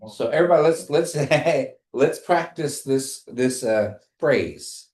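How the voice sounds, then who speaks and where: Slow, patient man teaching a class. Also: medium pitch, lively intonation, a little mellow. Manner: slow, patient, repeats phrases for the class to echo. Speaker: language teacher. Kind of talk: classroom language lesson.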